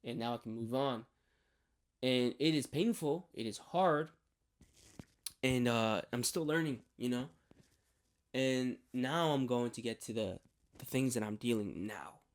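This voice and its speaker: Halting, heartfelt man sharing his faith. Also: mid-range voice. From New York. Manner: halting, many restarts and repeated words. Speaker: faith vlogger. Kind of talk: candid personal testimony.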